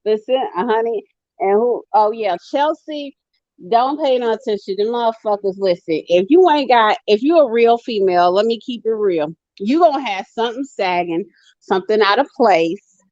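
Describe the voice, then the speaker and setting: A woman from Ohio with a high, bright-pitched voice tells stories with lots of profanity and animation. She is on a video call, and the audio comes through dull and lo-fi. The sound is close and dry. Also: animated, normal speed, dry recording. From Dayton, Ohio. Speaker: co-host. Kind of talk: casual chat.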